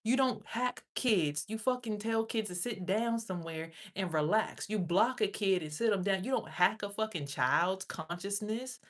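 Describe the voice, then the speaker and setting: A woman's voice: medium pitch, moderate pace, hardly any pauses. A woman streamer in an angry, profane rant, speaking with a confrontational edge. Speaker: livestreamer.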